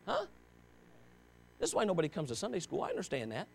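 Speaking fast with vocal fry and a wildly swooping, slightly high pitch, a pastor delivers a sermon to his congregation. He talks to them directly and passionately, in a conversational tone, pushing them with rhetorical questions.

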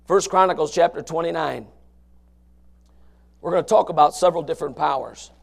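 A man preaching a fiery sermon, swinging from low murmurs to shouted passages in a folksy, emphatic way. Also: a little fast, creaky. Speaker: pastor.

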